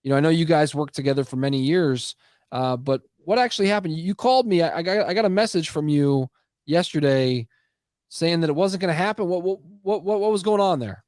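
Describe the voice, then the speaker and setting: Male podcast host, casual and halting, slightly higher voice, dry sound. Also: lively intonation, a little mellow, no room sound. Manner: loose, halting questions with many fillers. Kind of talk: casual interview.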